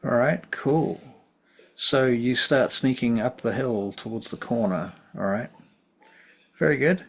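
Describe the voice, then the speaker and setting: A man running a tabletop game as game master, calm and patient, with a husky, gravelly voice. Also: medium pitch, measured pace.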